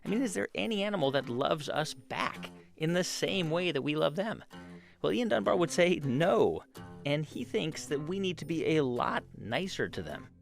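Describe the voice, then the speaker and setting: A man's voice: a little high, very animated, normal speed, creaky, faint music behind. A man hosting a radio program, narrating and interviewing a guest in a conversational, probing way. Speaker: radio host.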